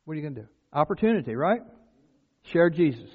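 A man's voice: a little high, sing-song, fast talker, husky. A man preaching a sermon, telling stories and then building to emphatic points. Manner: storytelling, rises to emphatic exclamations. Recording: tinny phone-like sound.

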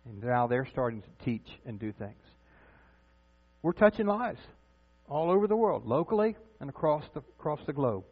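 Male pastor, middle-aged, chatty sermon style, narrow phone-like sound with a low hum. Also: sing-song, moderate pace. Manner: conversational preaching with questions to the congregation.

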